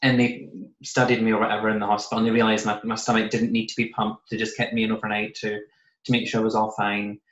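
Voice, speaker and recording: A British man quietly telling a personal story in a casual podcast chat, often voicing what he said and thought back then. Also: on the low side, little pitch movement, fast. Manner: soft-spoken, recounting with quoted asides. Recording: roomy, slightly muffled podcast audio.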